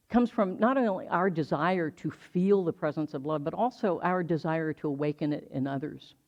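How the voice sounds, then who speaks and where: An older minister from the United States gives a slow, reflective sermon in a middle-pitched voice. They weave personal memory into the message and lean on repetition for emphasis. The stream audio is slightly dull and lo-fi. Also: a little mellow. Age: 60s.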